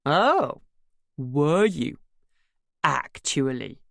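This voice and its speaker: A cheeky young man, hungover and insolent, slurring and sneering as he mimics people, voiced by a woman reading a storybook. His voice jumps up into lively, bouncing mockery. The sound is close and dry. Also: deep voice, slow pace, dry recording, exaggerated voice. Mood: mocking.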